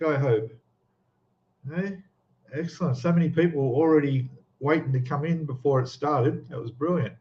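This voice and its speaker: A man with a mid-range, slightly mellow voice hosts a casual live stream, chatting and greeting each viewer by name. The audio is lo-fi and a little dull.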